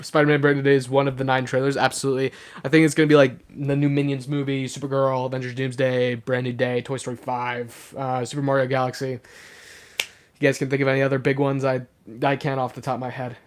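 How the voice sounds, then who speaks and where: A young man chats casually on a live stream and reads from chat, his voice rougher than usual since he's sick. He has a mid-range voice and a brisk pace, chatty and excitable with lots of fillers.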